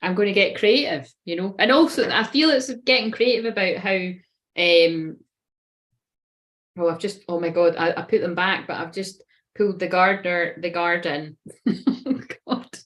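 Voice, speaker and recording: A woman's voice: lowish voice, moderate pace, a bit bright. Chatty, sweary woman tarot reader. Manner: chatty, swears constantly, often laughs at herself. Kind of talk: casual tarot reading monologue.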